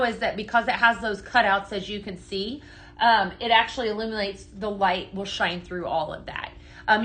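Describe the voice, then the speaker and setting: Woman, live-stream sales host, bright and sharp tone, slightly high voice, chatty, upbeat, keeps asking "right?". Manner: greets viewers by name while talking. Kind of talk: live-stream product demo.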